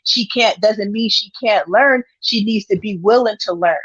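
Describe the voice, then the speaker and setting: A woman's voice: mid-range voice, moderate pace, fairly bright tone. A woman host talking earnestly in a casual panel discussion, giving advice and often repeating her phrases. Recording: dull lo-fi sound.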